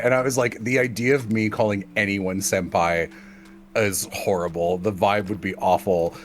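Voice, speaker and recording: On a live stream, an Irish man from Ireland chats casually with friends, joking, laughing a lot, and putting on jokey quoted voices. His voice sits on the low side at a normal pace, with a slight hiss or hum in the background.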